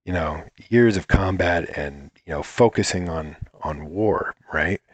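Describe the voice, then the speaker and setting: A man's voice: deep voice, a little slow, slightly rough, no echo. A man telling a rambling, profane story in a casual chat, acting out what others said. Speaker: guest.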